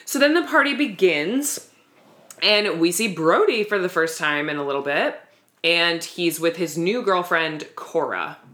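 A woman's voice: fairly low pitch, animated, unhurried, fairly bright tone. A woman co-hosting a podcast, recapping a TV episode in a chatty, candid way and laughing easily. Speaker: podcast co-host. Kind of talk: casual TV recap chat.

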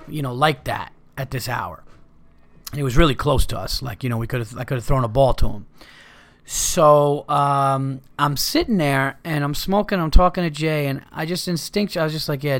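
A man swaps road stories in a loose, rambling way and drops profanity as he goes. His voice sits in an ordinary middle pitch, and he talks it through the way you'd tell a buddy what happened last night. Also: a bit bright. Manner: rambling, profane, laid-back anecdotes. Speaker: podcast host. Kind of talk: casual storytelling.

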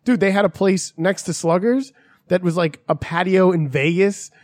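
A man talking casually, rambling through stories with plenty of swearing and bits of acted-out dialogue. His voice sits a little high for a man. The recording is close and dry. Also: normal speed, no echo. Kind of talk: casual chat.

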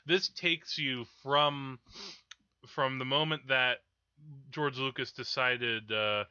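A man's voice: mid-range voice, steady tone, slow, bright, forceful tone, clean tone, no room sound, lo-fi sound. A man co-hosting a film podcast in casual, enthusiastic, rambling chat. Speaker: podcast co-host.

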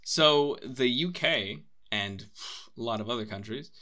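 A man's voice: medium pitch, lively intonation, unhurried, pushed and bright. A young man casually chatting as a podcast co-host, rambling with lots of laughs and restarts. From United Kingdom.

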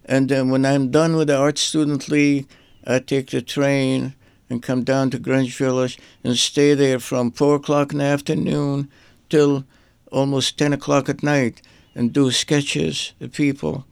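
An older man speaks with a gravelly, rough edge and a flat, even delivery. He recalls his life in a halting, meandering way, often repeating a word before moving on. The recording is dry and close. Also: mid-range voice, no echo. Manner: halting, repeats words while searching for them. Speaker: artist guest. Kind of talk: rambling personal reminiscence.

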